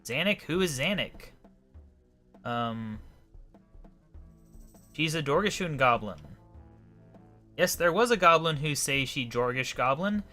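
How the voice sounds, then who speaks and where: Man doing a stern goblin high priest. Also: expressive, slow pace, pauses often, sharp tone, faint music behind, exaggerated voice. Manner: broken grammar, emphatic.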